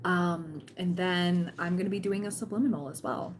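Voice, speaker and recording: A woman's voice: lowish voice, fairly even intonation, moderate pace, slight background noise. A woman hosting a tarot livestream, chatting casually and cheering on her viewers, often quoting people in playful voices.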